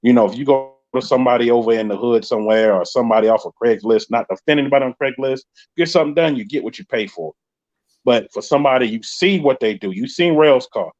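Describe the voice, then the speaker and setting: A man's voice: mid-range voice, quick pace, darkish tone. A man with a New York accent hosting a live podcast, chatting casually and joking while reading out viewer comments. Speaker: podcast host. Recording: dull lo-fi sound.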